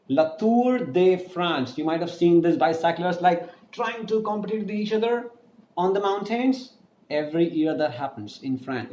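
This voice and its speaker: A man's voice: fairly high pitch, darkish tone. Man teaching with echo. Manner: explanatory, spells words letter by letter, asks and answers own questions. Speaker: online French teacher. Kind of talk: recorded online lesson. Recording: echoey room with faint noise.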